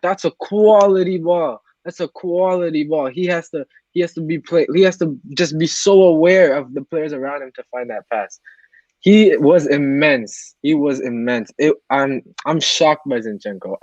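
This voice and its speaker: A man's voice: a little high, moderate pace, hardly any pauses, darkish tone, dry recording, highs cut off. A man calling into a live fan stream over a video call, emotional and rambling, often repeating himself. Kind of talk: casual video call chat.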